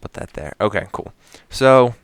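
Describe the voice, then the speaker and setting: A man's voice: mid-range voice, animated, a little slow, smooth, no room sound. A man giving casual gameplay commentary while he builds, talking to himself, counting items aloud and explaining each step to his viewers.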